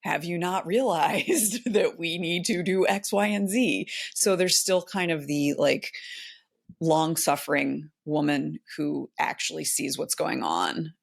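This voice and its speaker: A woman with a low, gravelly voice co-hosts a casual podcast. She talks in a loose, thoughtful ramble with lots of fillers and restarts. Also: slow. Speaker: podcast co-host. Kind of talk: casual chat.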